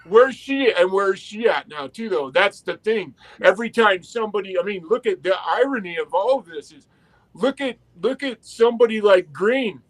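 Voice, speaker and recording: High-voiced man ranting emphatically. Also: expressive, moderate pace, rough recording. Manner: emphatic, restarts phrases, swears. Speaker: podcast co-host. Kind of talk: casual podcast chat.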